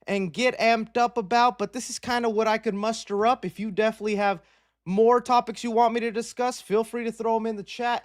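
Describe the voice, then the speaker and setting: A man around thirty chats casually to his live stream audience. He talks in a hyped, playful way, full of slang and rambling asides, and sounds slightly out of breath. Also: high-pitched. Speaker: livestream host.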